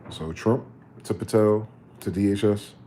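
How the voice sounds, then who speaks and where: Male livestream host, low mellow voice, rambling profane commentary, faint noise behind. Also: fairly even intonation, measured pace.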